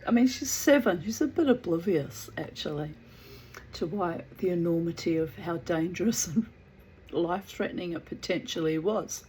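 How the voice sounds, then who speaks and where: A woman telling a family anecdote in a casual, animated way, laughing often as she goes. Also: lowish voice, normal speed, a little hiss or hum, poor audio. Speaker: storyteller.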